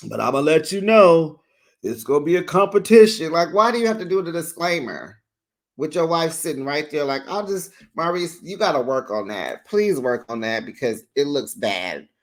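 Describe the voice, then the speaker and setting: Chatty, opinionated recap host. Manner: chatty and opinionated, big playful jumps in pitch; talks straight to viewers as "besties". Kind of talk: casual chat recapping a reality TV episode.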